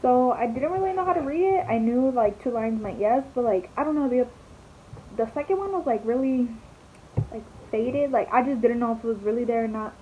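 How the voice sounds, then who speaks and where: Doing her makeup on camera, a young woman tells a dramatic, chatty story peppered with swearing and lots of "like." She sounds fairly high, expressive, and brisk, in a casual storytelling vlog with slightly dull audio and faint hiss.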